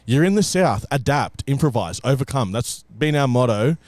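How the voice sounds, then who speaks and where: A man's voice: medium pitch, lively intonation, moderate pace, darkish tone, no echo. A young man co-hosting a podcast, chatting casually and laughing as he chimes into travel stories. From Australia. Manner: laid-back, laughing, chiming in. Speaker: podcast co-host.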